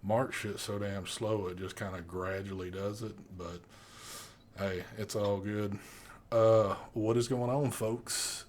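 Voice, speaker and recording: Slow-talking, laid-back male host. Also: on the low side, fairly even intonation, darkish tone, slight background noise. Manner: loose, profane, unhurried. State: out of breath. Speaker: show host. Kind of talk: casual live-stream chat.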